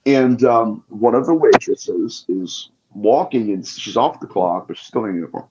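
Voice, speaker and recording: A man's voice: fairly low pitch, normal speed, very noisy. A man guest on a podcast interview, telling his experiences with passion. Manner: passionate storytelling. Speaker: guest demonologist. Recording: dull lo-fi audio.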